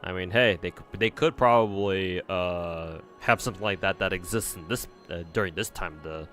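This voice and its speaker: A man's voice: sits low, normal speed, fairly bright tone, faint music behind. A man streaming a game, rambling casually and swearing freely as he reacts. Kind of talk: casual gameplay commentary.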